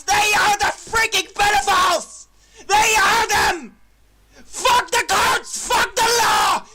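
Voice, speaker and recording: A man ranting angrily online, shouting and swearing furiously. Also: extremely high pitch, very noisy. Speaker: online ranter. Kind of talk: angry rant.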